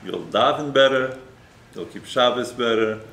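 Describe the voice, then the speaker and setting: A man's voice: medium pitch, expressive, measured pace, gravelly, a bit bright. Male rabbi preaching in an echoey room. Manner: conversational, frequent tag questions. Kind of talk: sermon with storytelling. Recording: roomy echo, faint noise.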